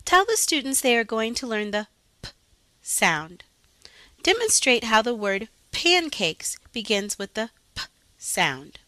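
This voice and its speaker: A woman narrating a scripted tutorial for teachers, clearly explaining step-by-step reading lessons and carefully sounding out phonemes. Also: on the high side, very animated, measured pace, bright, forceful tone. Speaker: reading teacher demonstrating a website. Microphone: voice-over.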